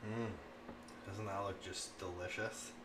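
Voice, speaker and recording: A man's voice: sits low, a little slow. A man in his thirties chatting casually as a cooking streamer, rambling and laughing often, with lots of "like". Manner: rambling, animated, laughs often, says "like" a lot. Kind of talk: casual chat and storytelling. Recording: echoey room, faint background noise.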